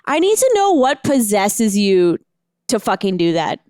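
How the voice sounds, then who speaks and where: A woman co-hosting a podcast in casual chat, reacting quickly with animated comments. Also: mid-range voice, dry recording, studio quality. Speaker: podcast co-host.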